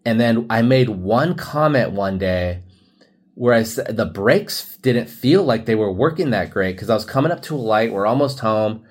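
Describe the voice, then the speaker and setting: A young man with a lowish voice, telling a personal story on his podcast. He rambles and restarts often, with a lot of "like" fillers, and his delivery stays casual and conversational throughout. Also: expressive, moderate pace. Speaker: podcast host.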